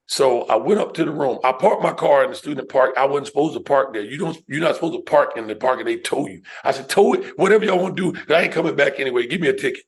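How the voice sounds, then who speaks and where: A middle-aged man from New York, USA, an educator and speaker, tells personal stories as a guest on a podcast. His mid-range voice moves fast with hardly any pauses, and he's an emphatic, animated storyteller who calls the listener "man" and asks "right?"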